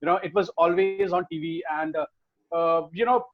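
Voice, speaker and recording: A man co-hosting a podcast, reading viewer comments and telling stories in a casual, swearing, animated way. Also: fairly high pitch, normal speed, lo-fi sound. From India. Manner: swears freely, animated storytelling. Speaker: podcast co-host.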